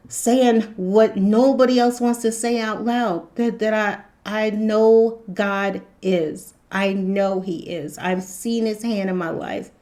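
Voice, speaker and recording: A woman speaks in a loose, meandering spiritual monologue, circling back on the same phrases again and again. Her voice sits at an ordinary middle pitch, and her delivery is earnest and unpolished, like someone talking straight to her followers. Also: warm tone. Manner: rambling, repetitive, earnest, laughs often. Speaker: spiritual tarot channel host. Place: hot room indoors.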